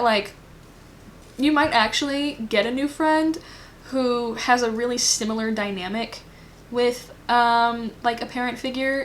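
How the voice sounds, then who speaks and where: Woman, tarot reader, casual pick-a-card reading, rambling, filler-heavy, fairly high voice. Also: a little hiss or hum.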